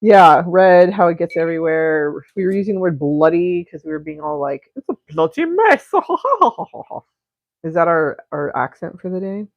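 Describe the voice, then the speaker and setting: A woman with a low voice hosts a live stream while painting in her home studio, rambling, giggling, swearing and often cutting herself off. She speaks at a normal speed with fairly even intonation and hardly any pauses. The stream audio is dull and lo-fi, with no echo.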